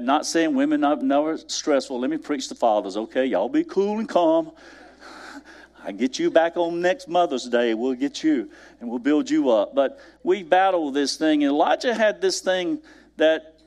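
A man's voice: medium pitch, a little mellow. Male preacher, conversational sermon delivery, wide dynamic swings down to near-whispers. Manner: conversational, addresses the congregation directly. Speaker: pastor.

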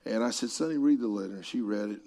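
A man preaching a sermon, telling stories with asides to people in the room and swinging from hushed tones to shouts. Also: fairly low pitch, fast talker.

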